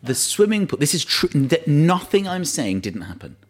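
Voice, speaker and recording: A man's voice: on the high side, sing-song, moderate pace. Playful London man spinning stories. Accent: London English. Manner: playful, mock-grand storytelling. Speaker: dinner guest. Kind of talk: casual chat over dinner.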